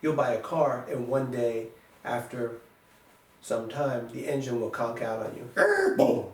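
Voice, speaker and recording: A man's voice: medium pitch, fairly even intonation, unhurried, darkish tone. A man teaching a music lesson, patiently counting beats aloud and sounding out rhythms for his students. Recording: echoey room, voice from a distance, faint noise.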